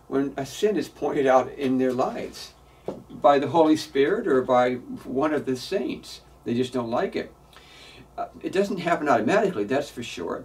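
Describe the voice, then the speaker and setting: A man's voice: medium pitch, darkish tone, distant mic. A man preaching a sermon as pastor in a church, earnest and emphatic, often repeating words as he builds a point.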